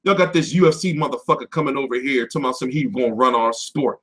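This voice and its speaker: A man hosting a boxing livestream from home, ranting off the cuff with lots of swearing, switching between loud outbursts and mumbled asides. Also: mid-range voice, fast, husky. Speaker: boxing commentary livestream host. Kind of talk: profane off-the-cuff rant.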